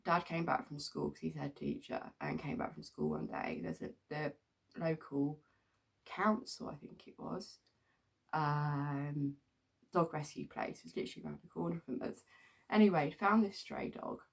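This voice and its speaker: A middle-aged woman from England rambles through her stories, laughing often and filling pauses with ums. Her voice sits low, with a gravelly edge. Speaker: vlogger. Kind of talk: casual storytelling.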